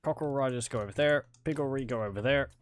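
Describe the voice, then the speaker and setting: A man's voice: mid-range voice, fast talker, faint music behind. A man giving casual, wry let's-play commentary on a strategy game, chatting and laughing along.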